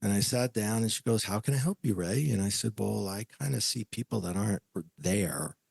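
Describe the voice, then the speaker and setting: A man's voice: on the low side, normal speed, creaky, darkish tone, breathy edge, no echo. A man telling a personal story as a podcast guest, acting out the voices of the people he quotes.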